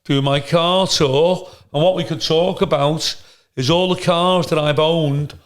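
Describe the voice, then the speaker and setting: A man with a gravelly voice, talking bluntly and with plenty of swearing as he co-hosts a casual podcast chat and tells animated stories. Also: on the high side, a little slow. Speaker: podcast co-host.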